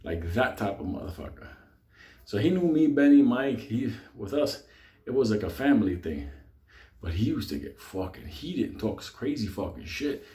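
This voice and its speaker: A man telling a neighborhood story casually, profane and animated, laughing often. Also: medium pitch, normal speed, echoey room.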